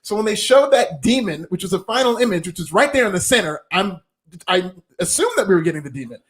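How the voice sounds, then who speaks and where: A man's voice: sits high, big pitch swings, fast talker, a bit bright. A man co-hosting a wrestling podcast, giving emphatic, opinionated takes in casual chat.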